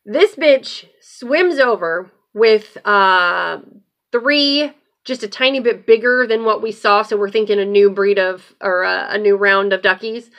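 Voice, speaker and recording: A woman hosting her own show, telling a personal story in a loose, animated way and swearing freely. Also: mid-range voice, a little slow. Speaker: host. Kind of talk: casual storytelling.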